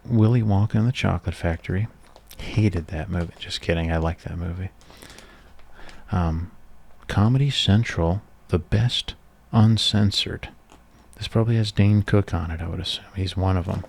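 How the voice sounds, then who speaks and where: A deep-voiced man in his thirties, talking in a soft-spoken ASMR style. He rambles casually and nostalgically, with a low, easygoing voice. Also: fairly even intonation, moderate pace, gravelly. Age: 30s. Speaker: ASMR creator.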